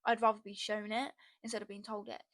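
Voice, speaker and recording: A woman's voice: medium pitch, little pitch movement, fast talker, fairly bright tone, dry recording. A young woman hosting a casual solo podcast, rambling and chatty, blunt and given to swearing, into a podcast microphone. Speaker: podcast host.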